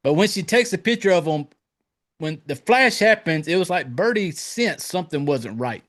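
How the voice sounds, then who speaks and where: A man's voice: on the high side, normal speed. A man hosting a podcast, chatting casually and swearing freely as he tells stories and acts out lines. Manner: profane, animated storytelling with acted-out quotes. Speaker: podcast host. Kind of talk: casual chat.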